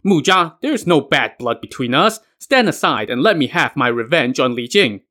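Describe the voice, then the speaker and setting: A man voicing a furious young male war god who shouts defiant threats, in a podcast myth retelling. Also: medium pitch, very animated, normal speed. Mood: vengeful.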